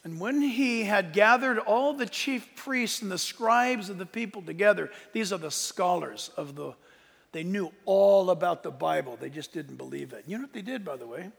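Male pastor, sermon, gravelly voice, high and bright, long hall reverb. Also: expressive, moderate pace. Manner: conversational preaching with asides, building to shouted emphasis.

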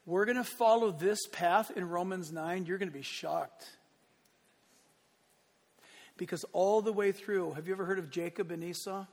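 Guy preaching a sermon, high voice, acts out the story, big echoey hall. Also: normal speed, pauses often, darkish tone. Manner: storytelling, acts out voices, builds to impassioned climax. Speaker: pastor.

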